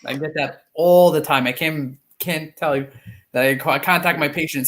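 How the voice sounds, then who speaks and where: Higher-voiced man joking around. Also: steady tone, normal speed, fairly bright tone. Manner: joking, easygoing. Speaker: guest. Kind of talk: casual chat.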